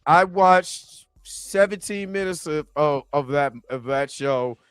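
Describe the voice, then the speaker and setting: A man with a fairly high voice hosts a casual live stream and talks straight to his chat. He is animated and loose. The sound is dry and close, with soft music under him. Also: takes it slowly, clean tone, dry recording.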